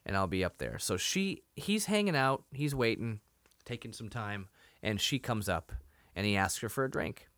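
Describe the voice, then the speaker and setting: Lively podcast man, dry close sound. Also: medium pitch, moderate pace, no echo. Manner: animated retelling, laughs often, quotes characters. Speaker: podcast co-host. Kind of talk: casual chat recapping a TV episode.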